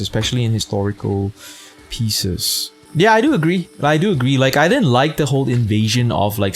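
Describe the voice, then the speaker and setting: A man chatting casually as a streamer, rambling, profane and laid-back, often laughing at his own jokes. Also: mid-range voice. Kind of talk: casual chat.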